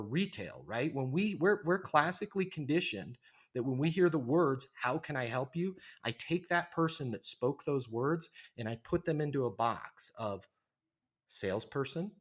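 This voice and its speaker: A middle-aged man, a guest on a podcast interview, talking emphatically and acting out phone greetings in quoted voices. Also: medium pitch. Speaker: leasing trainer, podcast guest. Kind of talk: energetic podcast interview talk.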